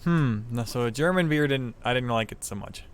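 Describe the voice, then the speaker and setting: Midwest guy streaming, rambly, swears a lot, pitch right in the middle. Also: animated, fairly quick, slight background noise. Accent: Midwestern American. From American Midwest. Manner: rambling, profane, chatting to viewers. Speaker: game streamer. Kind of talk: casual live-stream chat.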